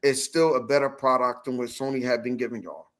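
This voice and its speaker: A man's voice: medium pitch, a little fast. A man hosting a podcast, telling a story in casual chat, swearing a lot and acting out what people said. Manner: animated storytelling, swearing, acts out quotes. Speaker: podcast host.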